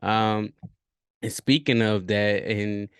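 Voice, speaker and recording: A man's voice: fairly low pitch, fairly even intonation, slow pace, clear, resonant tone, no echo. A man, hosting a podcast and thinking aloud in a rambling way, with many fillers and restarts. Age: 30s. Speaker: podcast host. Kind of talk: reflective solo podcast talk.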